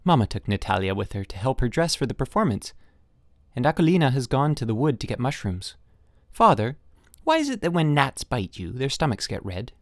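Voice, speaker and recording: A man's voice: very animated, fairly quick, no room sound, studio quality. A man voicing a six-year-old boy who is curious, asks questions, and cries easily, in a storybook reading. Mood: innocent, curious. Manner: high childish questioning voice. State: tearful, crying.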